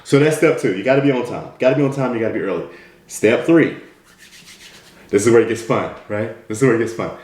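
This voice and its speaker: A man's voice: medium pitch, fast talker, darkish tone. Direct, repetitive American man coaching. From United States. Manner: direct, repetitive, keeps asking "right?". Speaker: motivational speaker. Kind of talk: motivational talk. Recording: roomy echo.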